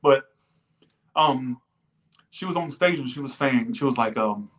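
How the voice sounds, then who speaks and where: A man's voice: medium pitch, a little slow, a bit bright. A man giving a casual livestream tarot reading. He rambles, swears freely and wanders off on tangents, and he breaks off to thank viewers for donations. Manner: rambling, profane, goes off on tangents. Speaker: tarot reader.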